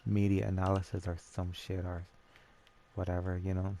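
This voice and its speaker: A man's voice: sits low, monotone, normal speed, warm tone, a little hiss or hum. A young Irish man telling a story in a rambling, chatty way with swearing, over a game. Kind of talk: casual storytelling over gameplay.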